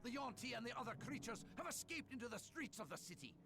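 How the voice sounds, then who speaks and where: A displeased game cleric; accusing and curt, with a rough, gravelly edge. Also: male voice, very high-pitched, very animated, fast, over music, exaggerated voice. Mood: bitter. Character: bitter, displeased male cleric leader. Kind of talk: video game voice acting.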